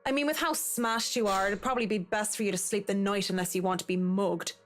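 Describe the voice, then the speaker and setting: An actress voicing a tipsy, uneasy young woman in a visual novel, hesitant and soft-spoken. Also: mid-range voice, steady tone, a little fast, faint music behind, natural voice.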